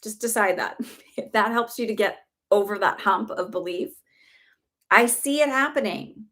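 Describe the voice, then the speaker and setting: A woman's voice: mid-range voice, lively intonation, measured pace, a bit bright. A young woman giving live psychic readings in a chatty, reassuring way, full of filler words. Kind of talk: casual livestream reading.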